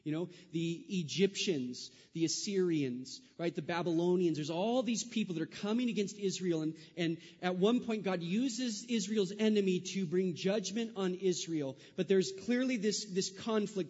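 A man from California preaching a sermon, mixing animated storytelling asides with slow, emphatic preaching. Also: sits high, big-room sound, dull audio. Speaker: pastor.

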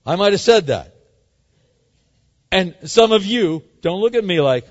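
A man preaching a sermon, swinging dramatically between loud and hushed. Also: high-pitched, lively intonation, measured pace, long pauses, big-room sound, highs cut off. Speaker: pastor.

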